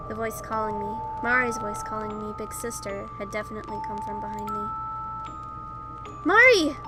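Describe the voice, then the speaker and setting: A woman with a slightly high voice, heard in poor audio, reads a visual novel aloud in first person as a game let's player. She occasionally corrects herself while game music plays behind her.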